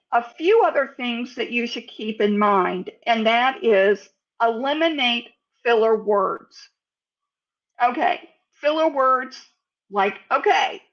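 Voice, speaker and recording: Slow, deliberate American woman coach. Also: a little high, a bit bright, dull audio. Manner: slow, deliberate, over-enunciates example words. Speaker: sales speaking coach. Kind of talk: instructional talk to camera.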